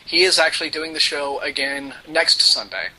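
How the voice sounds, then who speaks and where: A man on a casual podcast answering a listener question in a sarcastic way, with a husky voice. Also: on the high side, expressive, normal speed, sharp tone, low-quality recording.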